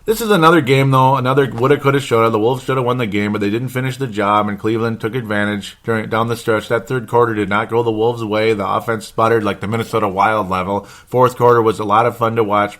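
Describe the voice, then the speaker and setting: A man's voice: on the low side, fairly bright tone. A man hosting a sports podcast, rambling and blunt, with mild swearing and frequent chuckles. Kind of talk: casual sports commentary podcast.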